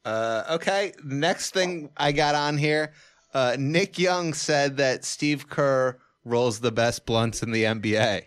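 Male podcast host, medium pitch, dry close sound, easygoing and quick to laugh. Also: a bit bright, smooth, no room sound. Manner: laughs often, joking asides. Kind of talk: casual chat.

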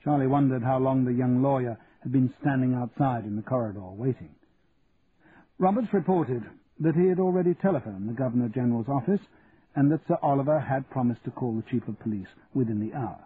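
A man's voice: medium pitch, a little fast. Male audiobook narrator, tinny sound. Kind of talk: scripted narration. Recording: tinny lo-fi audio with faint hiss.

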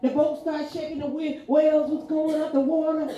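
A woman pastor preaching a fervent sermon, repeating herself and building to shouts. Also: high-pitched, little pitch movement, normal speed, dull audio. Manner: fervent, rising to shouts, repetitive call-outs. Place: church. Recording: echoey room from far off, music behind.

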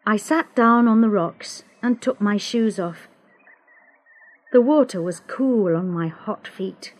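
A woman reading a storybook aloud, slow and careful, giving each character a voice. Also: medium pitch. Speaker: narrator. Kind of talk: scripted storybook narration.

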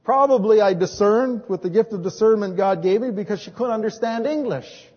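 Man, pastor, sermon storytelling, husky high voice, dull echoing hall recording. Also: brisk. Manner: storytelling, swings from hushed to emphatic. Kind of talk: sermon with personal testimony.

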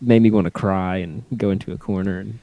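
A man co-hosting a casual podcast, making relaxed, dry remarks. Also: low-pitched, a little fast, no room sound, muffled recording. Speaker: podcast co-host. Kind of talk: casual chat.

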